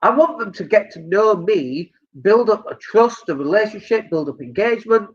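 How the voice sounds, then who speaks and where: A man's voice: high voice, animated, normal speed, husky, lo-fi sound. A Northern English man giving blunt, joking business advice during a live stream. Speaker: business coach.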